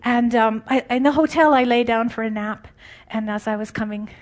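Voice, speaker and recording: A woman preaching an informal, conversational sermon, animated and often laughing. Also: fairly high pitch, moderate pace.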